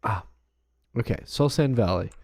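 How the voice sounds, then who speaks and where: Low-voiced man muttering through a game stream. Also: expressive, normal speed, creaky, slightly rough, dry recording, clean studio sound. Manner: mutters and counts to himself while building. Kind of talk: casual gameplay commentary.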